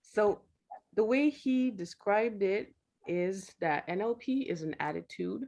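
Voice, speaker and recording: A woman working as an NLP coach, speaking to a group on a video call and leading a slow, soothing breathing exercise. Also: mid-range voice, vocal fry. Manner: soft, slow and soothing when guiding the breathing. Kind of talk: guided breathing exercise and seminar talk. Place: home, late at night.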